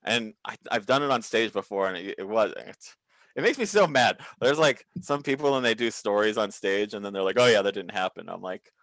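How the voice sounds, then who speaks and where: Low-voiced profane man telling work stories. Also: brisk, no echo. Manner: profane, animated storyteller who acts out quotes. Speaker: comedian guest. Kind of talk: casual storytelling on a video call. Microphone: video call.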